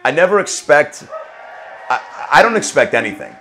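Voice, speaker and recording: A man's voice: on the high side, very animated, moderate pace, pushed and bright, slight background noise. A man hosting his own podcast, talking through a recap in an earnest, reflective way, with plenty of restarts and casual swearing. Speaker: podcast host.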